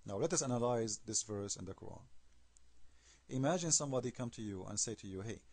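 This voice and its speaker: A man's voice: mid-range voice, lively intonation, a little fast, a little mellow, no echo. A man giving an argumentative video commentary, emphatic and scornful, firing off rhetorical questions in non-native English. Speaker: online commentator.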